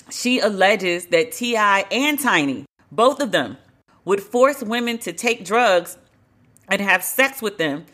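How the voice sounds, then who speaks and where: Woman podcast host, mid-pitched and bright, casual commentary, wry and unfiltered. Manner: blunt, profane, wryly joking. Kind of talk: casual pop culture commentary.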